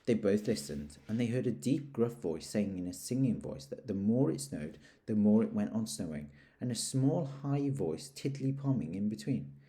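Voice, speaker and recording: A man reading a children's story aloud, gently pausing to ask the listener questions. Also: fairly low pitch, expressive.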